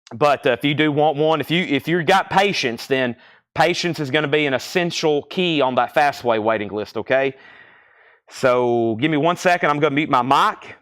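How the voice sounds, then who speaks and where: A man hosting a live vinyl sale stream, a bit out of breath as he rattles off names and prices. His voice sits on the higher side, and the sound is dry and close with little room echo. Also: a bit bright. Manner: brisk, reads off names and prices. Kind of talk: live-stream sales patter.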